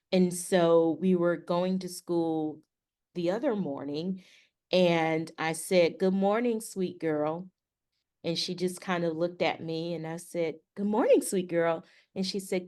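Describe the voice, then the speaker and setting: A woman's voice: fairly low pitch, darkish tone, smooth. A middle-aged woman co-hosting a podcast, telling a story casually and acting out the dialogue with animation. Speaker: podcast co-host.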